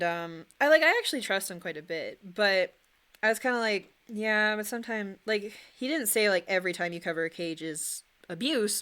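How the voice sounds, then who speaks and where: A woman's voice: lowish voice, sharp tone, smooth. Young woman streamer, rambling casual chat, answers viewers as she paints.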